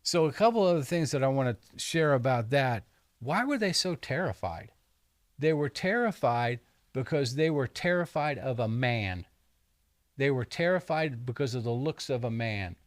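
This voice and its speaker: A man's voice: medium pitch, animated, moderate pace, no room sound, clean studio sound. A man hosting a podcast, talking through a Bible story in a rambling, jokey way with frequent restarts. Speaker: podcast host. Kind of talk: casual Bible discussion.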